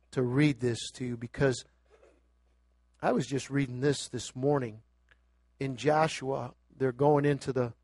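A man preaching a sermon, moving from quiet scripture reading to loud, emphatic exhortation. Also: medium pitch, dry recording, studio quality. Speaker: pastor.

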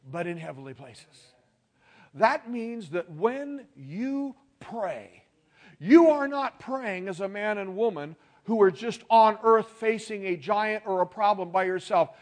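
A man's voice: high-pitched, expressive, slow. A male pastor preaching a sermon, emphatic and calling on the congregation to respond.

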